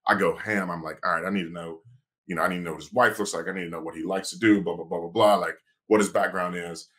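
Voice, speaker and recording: He has a deep voice and a quick pace as he tells his story on a podcast. The sports agent and lawyer keeps it casual and lively, acting out the dialogue he quotes.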